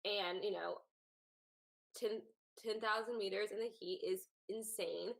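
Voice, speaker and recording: A woman's voice: medium pitch, steady tone, creaky, a bit bright. Chatty woman sports podcast host. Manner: chatty, many fillers, quick asides. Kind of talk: casual sports chat.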